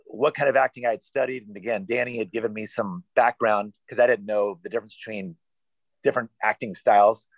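Gravelly-voiced man, casual guest chat. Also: lowish voice, steady tone, fairly quick, no room sound, rough recording. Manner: rambling, self-deprecating, many fillers and restarts. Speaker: guest actor.

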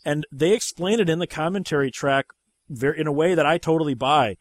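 A man's voice: on the high side, brisk, dry recording. A man hosting a podcast, chatting casually about movies, rambling and swearing freely. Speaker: podcast host.

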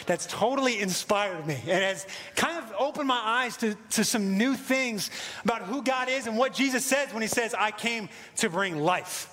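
American guy preaching, high voice, chatty and excited, lots of um and you know. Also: normal speed, long reverb tail. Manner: casual, excited preaching with many fillers. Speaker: pastor. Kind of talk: sermon.

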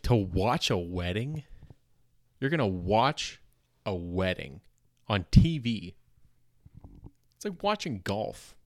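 Deep-voiced and recorded cleanly in a studio with no echo, this young Canadian man speaks in Canadian English. He's hosting a comedy podcast, meandering through old notes in a loose comic monologue full of filler words, false starts and jokes at his own expense.

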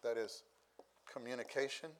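A middle-aged man preaching a sermon, unhurried, who repeats key phrases for emphasis. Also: medium pitch, steady tone, slight background noise.

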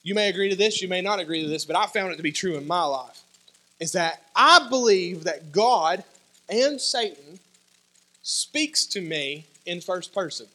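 Bright-voiced animated male pastor. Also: high-pitched, moderate pace. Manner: animated storytelling, acts out dialogue, sudden loud shouts. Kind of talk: sermon with personal stories.

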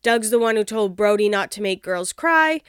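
A woman's voice: medium pitch, expressive, moderate pace, clean tone, dry recording, studio quality. A woman casually recapping a reality show, blunt and opinionated, swearing and laughing as she talks.

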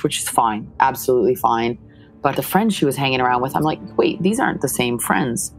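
A mother tells her family's story in a very deep voice, earnest and emotional. She acts out remembered conversations as she speaks. Soft music plays faintly behind her. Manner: earnest, retelling scenes with quoted dialogue. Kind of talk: emotional personal account.

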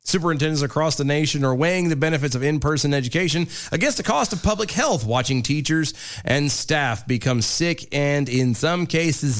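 A man co-hosting a talk radio show, reading news items aloud with sarcastic asides. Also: medium pitch. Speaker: radio co-host.

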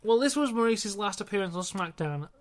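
A man's voice: high voice, lively intonation, fairly quick. Wry man, rambling recap. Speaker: podcast co-host. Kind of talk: casual chat reviewing wrestling.

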